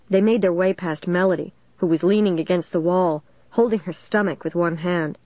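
A woman's voice: lowish voice, moderate pace, hardly any pauses, no echo, highs cut off. Woman reading a story aloud. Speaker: audiobook narrator. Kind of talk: scripted first-person story narration.

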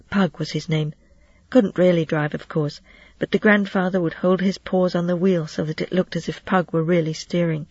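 A husky, slightly breathy narrator reads a children's novel aloud with steady storytelling and light character touches. The sound is close and dry, on a dull lo-fi recording. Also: medium pitch, no room sound. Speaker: audiobook narrator.

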